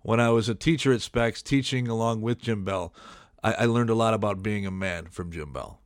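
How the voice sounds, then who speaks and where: A man's voice: lowish voice, normal speed, no room sound. Male interviewer with a dry, close sound. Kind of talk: casual interview.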